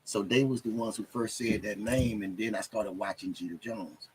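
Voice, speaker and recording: A man's voice: on the low side, normal speed, a little hiss or hum, poor audio. A man from Florida, a soul singer and guest, telling stories casually and quoting people as he goes. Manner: animated storyteller, quotes people in voices. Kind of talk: casual interview storytelling.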